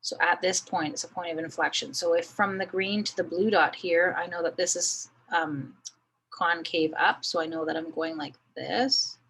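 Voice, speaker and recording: A woman's voice: fairly low pitch, fairly even intonation, measured pace, vocal fry, a bit bright, slight background noise, rough recording. A woman teaching a math lesson, thinking aloud as she draws a graph, with many fillers. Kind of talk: recorded screen lesson.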